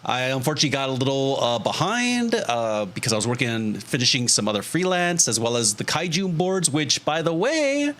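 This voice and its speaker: Young male streamer, mid-pitched, animated and quick to laugh, casual swearing, close desk mic. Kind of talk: casual livestream chat to viewers.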